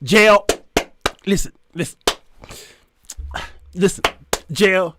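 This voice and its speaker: A man imitating a theatrical male defendant who begs the judge over and over and croons flattery at him in a low voice. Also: very slow, background noise. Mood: pleading. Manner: begging and repeating himself, crooning low when flattering. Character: pleading flirtatious male defendant, theatrical and desperate.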